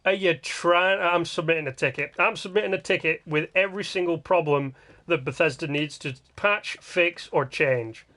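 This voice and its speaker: Guy streaming a game, grumbles and jokes, kinda rambly, voice a bit on the high side. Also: moderate pace, pushed and bright. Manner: joking, exasperated, rambling. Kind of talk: casual gameplay livestream commentary.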